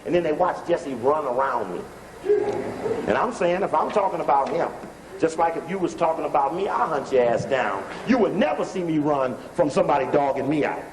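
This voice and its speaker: A man giving emphatic, animated commentary over archival video, repeating points and telling someone to stop and rewind the playback. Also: fairly high pitch, a little fast, in a large hall, noisy background. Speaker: lecturer analyzing archival footage.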